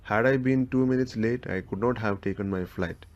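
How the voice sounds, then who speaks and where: A man tells a short personal story as a practice speaking test answer. His voice stays flat and monotone, falling only at the end of each sentence. The recording sounds dull and a little lo-fi. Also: fairly low pitch, moderate pace.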